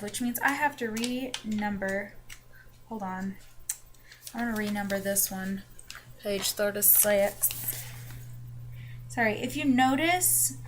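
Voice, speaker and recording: A woman's voice: medium pitch, a bit bright. A young woman rambles to her webcam, her accent slipping between New York and the Carolinas. She is chatty and loose, with plenty of ums and restarts. A faint hiss sits under the recording. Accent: mixed New York and Southern US. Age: young adult. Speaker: vlogger. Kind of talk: casual chat. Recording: webcam with faint background noise.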